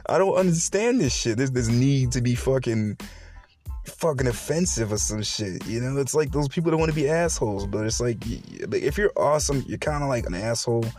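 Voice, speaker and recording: A man's voice: medium pitch, darkish tone. Profane, blunt man ranting solo. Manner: profane, blunt, laughing often; mocking quoted voices. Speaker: podcast host. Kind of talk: solo podcast rant.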